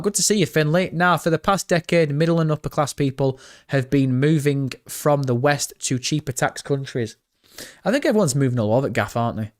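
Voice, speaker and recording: A young British man live-streaming, chatting excitedly with his viewers and swearing freely. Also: on the high side. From Britain. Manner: excitable, swears often, chats directly to viewers. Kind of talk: casual live-stream chat.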